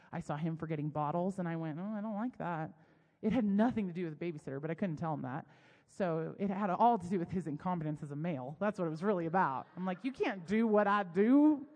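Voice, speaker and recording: A woman in her thirties giving a sermon, mixing candid, self-deprecating family stories with Bible teaching. Her pitch sits in an ordinary middle range. The sound carries the long reverb of a church hall. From United States. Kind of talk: personal storytelling sermon.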